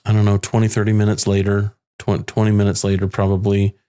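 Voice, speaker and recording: A bereaved father, a podcast guest, recounting a hard personal story in a halting way with many restarts. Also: lowish voice, monotone, mellow, smooth. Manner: halting, restarts often, quotes others' words. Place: home in the Phoenix area.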